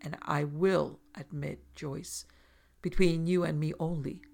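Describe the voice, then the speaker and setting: A woman reading aloud and voicing a grave, somewhat sheepish gentleman scientist. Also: low voice, steady tone, slow pace, creaky, heavily acted.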